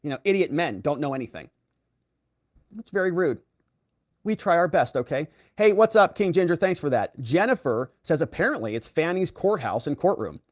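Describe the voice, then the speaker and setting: A man hosting a live stream, reading viewer comments aloud and reacting to them in a casual, animated way. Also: fairly high pitch, normal speed, no room sound, clean studio sound. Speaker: host reading live chat.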